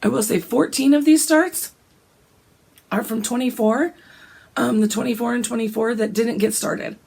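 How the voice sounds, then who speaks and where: A woman, hoarse and gravelly from a cold, chatting casually about her cross-stitch plans and often clearing her throat. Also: steady tone, moderate pace, darkish tone. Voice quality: gravelly, deep. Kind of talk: casual chat.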